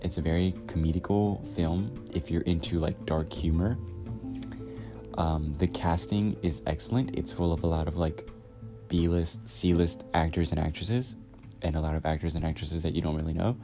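A man's voice: deep voice, steady tone, normal speed. A man in his twenties casually reviewing a film in a rambling way, with many "like" fillers. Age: 20s. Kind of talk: casual chat. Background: music.

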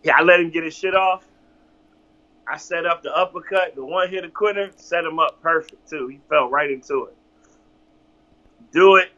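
Guy from virginia spinning a story, kinda high voice, muffled lo-fi sound. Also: moderate pace, long pauses. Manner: animated, profane, acts out others' lines. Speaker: guest telling a story. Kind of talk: casual storytelling.

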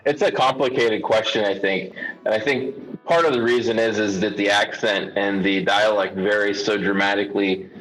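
American man, lowish voice, hesitant and thoughtful, casual chat over faint music. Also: fairly even intonation, normal speed, fairly bright tone, low-quality recording. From United States. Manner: thoughtful, hesitant with many fillers. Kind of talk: casual conversation.

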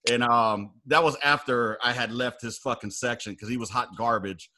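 A man telling army stories in casual chat, animated and profane, acting out loud quotes. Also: medium pitch, normal speed. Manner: animated storyteller, heavy swearing, acts out quotes loudly.

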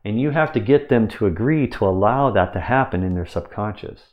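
A man's voice: lowish voice, animated, a little fast, muffled recording. A man coaching on sales technique in a casual teaching monologue, talking conversationally with frequent restarts and asides of "right?".

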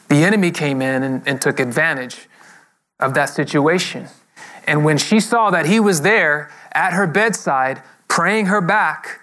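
A man's voice: fairly high pitch, a bit bright. A man preaching a sermon, telling a story and acting out the quoted voices of the people in it. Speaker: pastor.

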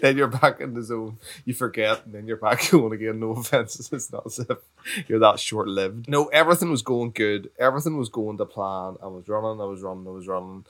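Playful man, quick to laugh. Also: on the low side, fairly bright tone. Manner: playful, laughs often, teasing questions. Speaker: podcast co-host. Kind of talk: casual chat.

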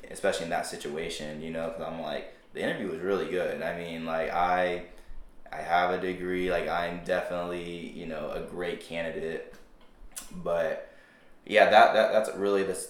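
A young man with a very deep voice talks loosely as a podcast guest, circling back with fillers and restarts. The sound carries a roomy echo. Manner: relaxed, rambling, many fillers and restarts. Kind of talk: casual chat.

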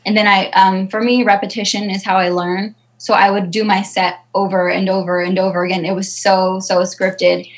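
A woman's voice: mid-range voice, flat delivery, normal speed, hardly any pauses, rough recording. A woman comedian answering interview questions in a chatty, self-deprecating way, with many fillers. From Southern California. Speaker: stand-up comedian guest.

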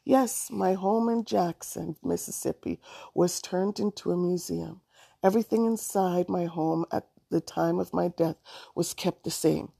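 A calm, dignified man who explains in a measured, earnest tone, as a woman reading a story puts him on. The voice is low and dark, with a strong gravelly rasp. It sounds dry and close to the mic. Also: dry recording, heavily acted. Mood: solemn.

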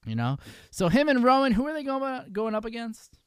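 Lively, laughing podcast host guy. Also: very high-pitched, brisk, smooth, no room sound, studio quality. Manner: laughs often, loose and profane, talks in restarts. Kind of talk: casual chat.

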